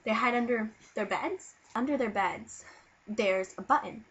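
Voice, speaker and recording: A woman's voice: on the high side, a little slow, breathy edge, dull audio. Sick woman rambling through a silly story. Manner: silly, animated, with sudden loud bursts. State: sick, low on energy. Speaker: vlogger. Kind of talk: casual rambling storytelling to camera.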